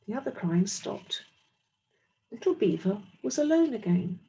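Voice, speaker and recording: Teacher lady reading a kids' story, lively up and down voice, bit husky. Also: mid-range voice, measured pace, low-quality recording. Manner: expressive, explains to children. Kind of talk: storybook reading to young children.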